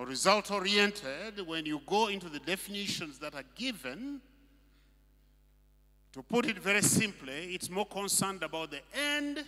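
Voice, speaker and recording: A man's voice: fairly high pitch, pushed and bright. A male pastor preaching a sermon, emphatic and full of rhetorical questions. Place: church hall. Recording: long reverb of a hall.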